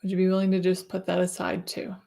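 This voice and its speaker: A woman hosting an interview over a video call, gentle and inviting, easily moved and laughing often. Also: lowish voice, monotone, quick pace, vocal fry. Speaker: podcast host. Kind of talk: warm-hearted interview chat.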